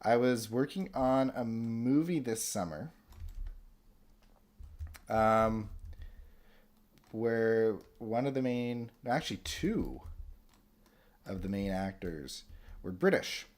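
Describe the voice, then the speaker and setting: A man on a casual game livestream rambles through stories and answers chat. He fills his talk with ums and restarts. His pitch swings up and down in a lively way. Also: slow, pauses often.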